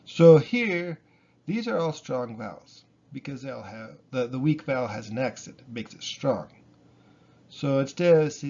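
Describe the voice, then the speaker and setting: Man, teacher, gravelly husky voice, relaxed explaining, dull lo-fi recording. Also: mid-range voice, unhurried. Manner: relaxed, explains with fillers and repetition. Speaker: Spanish teacher. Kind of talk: casual spoken lesson.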